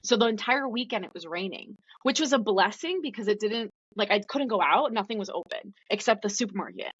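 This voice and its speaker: A woman's voice: medium pitch, animated, fairly quick, breathy edge, dry recording. A woman guest telling her story in a casual, chatty way, full of "like" fillers. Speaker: podcast guest. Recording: dull, dry lo-fi recording.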